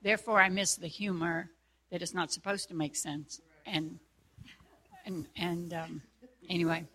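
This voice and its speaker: Give me a bright-voiced woman chatting reflectively. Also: lowish voice, fairly even intonation, measured pace. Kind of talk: casual chat.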